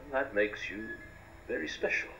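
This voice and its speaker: A cryptic, deep-voiced mentor. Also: male voice, creaky, pushed and bright, soft background music, rough recording. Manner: measured, mysterious, speaks in pauses. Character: cryptic calm male mentor revealing secrets. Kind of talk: film dialogue.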